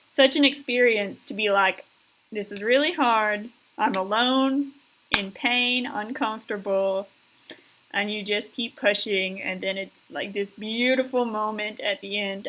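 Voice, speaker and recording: Slow-talking woman hosting a live stream. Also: medium pitch, fairly bright tone, low-quality recording. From United States. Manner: chatty and heartfelt, with many fillers, thanking viewers and reading chat aloud. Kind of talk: live-stream reaction chat.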